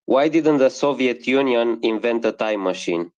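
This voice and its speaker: A man's voice: medium pitch, animated, normal speed, darkish tone, highs cut off. A man in a casual live audio chat, upbeat and joking.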